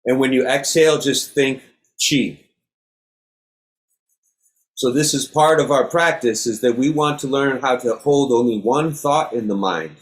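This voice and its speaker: Calm middle-aged male yoga teacher, steady instructive cues, mid-pitched voice. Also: a little slow, long pauses. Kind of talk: guided breathing class.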